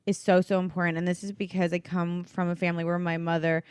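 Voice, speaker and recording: An agreeable woman co-hosts a casual podcast, reading out listener questions and chiming in with her own take. Her voice sits a little low for a woman. She is recorded close on the mic in a dry space. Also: little pitch movement, fast talker, clean tone, dry recording. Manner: easygoing, agreeable, reads questions aloud.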